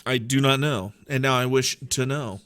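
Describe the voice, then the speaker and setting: A man's voice: mid-range voice, normal speed, fairly bright tone, clear, resonant tone. A man streaming a game, giving rambling, playful, self-deprecating commentary. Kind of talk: casual gameplay commentary.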